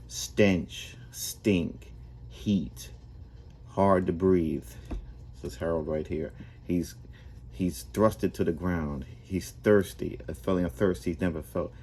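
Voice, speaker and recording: A man with a very low, dark, mellow voice tells a story casually. He speaks in a relaxed way and often restarts and repeats his words. Faint noise sits behind him.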